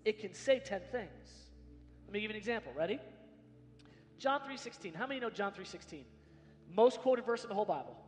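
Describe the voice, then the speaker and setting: A man preaching a sermon as pastor, swinging from hushed lines to shouted emphasis in a large church hall. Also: high voice, slight background noise. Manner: dramatic swings from soft to shouting. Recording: long hall reverb.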